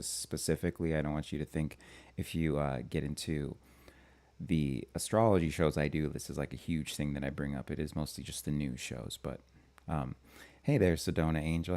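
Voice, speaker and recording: A man from Minnesota hosting a live-stream commentary show, talking in a halting way with frequent restarts and fillers. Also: a bass voice, warm tone. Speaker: astrology channel host.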